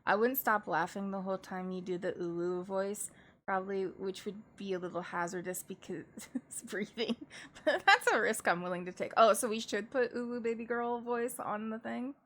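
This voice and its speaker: A woman's voice: mid-range voice, normal speed, fairly bright tone. A woman VTuber chatting casually with her live-stream viewers, giggly and drawn out.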